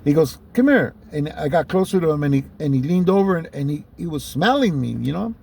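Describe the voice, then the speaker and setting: A middle-aged man spins a personal story in an easygoing, chatty way. His voice sits a touch high for a man and carries a gravelly rasp, and he keeps tossing in "man" and "you know" and small chuckles. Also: fast, mellow. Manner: laid-back, peppers speech with "man" and "you know", chuckles often.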